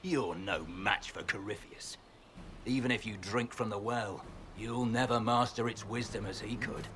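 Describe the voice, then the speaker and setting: A man voicing a gruff renegade general in a fantasy game, taunting and scornful, with a boastful edge. His voice sits at a middle pitch over a faint background hiss. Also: steady tone, a little slow, natural voice.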